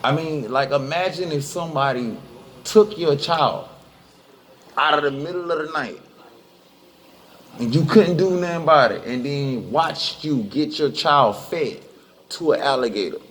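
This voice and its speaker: A man giving a heated, profane, unscripted speech, repeating himself and jumping high in pitch when angry. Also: measured pace, long pauses, fairly bright tone, a little hiss or hum.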